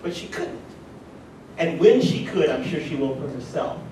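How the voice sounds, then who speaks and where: Man telling stories in an echoey hall. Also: moderate pace. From rural North Carolina. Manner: animated, warm asides to the audience. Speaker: conference speaker. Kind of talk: personal storytelling speech. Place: conference hall. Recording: echoey hall from far off, faint rumble.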